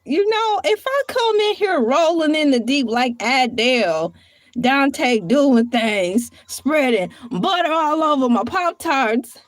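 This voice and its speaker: A woman's voice: sits high, lively intonation, takes it slowly, dry recording, clean studio sound. A woman hosting a casual livestream, chatty and playful, who laughs often and drifts from one topic to the next. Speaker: livestream host.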